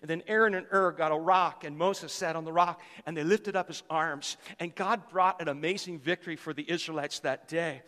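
Male pastor, 50s, high voice, fervent sermon, long church reverb. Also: steady tone, normal speed, hardly any pauses, sharp tone. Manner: fervent, repeats phrases for emphasis.

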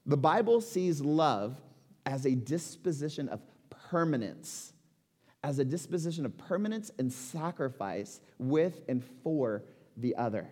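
A man in his forties delivers a sermon in a fairly high voice, moving between easy conversational asides and emphatic rhetorical questions. A long hall reverb trails behind his words. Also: lively intonation, unhurried, darkish tone. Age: 40s. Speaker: pastor.

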